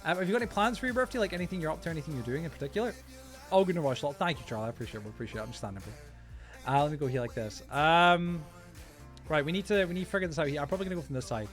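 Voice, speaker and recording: Male streamer, high voice, quick rambling chat, excitable shout-outs, faint music. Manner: rapid, excitable, thanks viewers loudly; rambling with frequent restarts. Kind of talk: casual live-stream chat while gaming.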